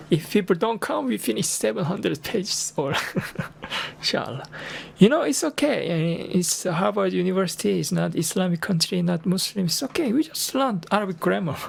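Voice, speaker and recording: Older Korean man with a gravelly, hoarse voice. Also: high voice, slight background noise. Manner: broken English, earnest and encouraging, many repetitions. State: hoarse, strained voice. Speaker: Arabic and Islam teacher. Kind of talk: casual livestream talk.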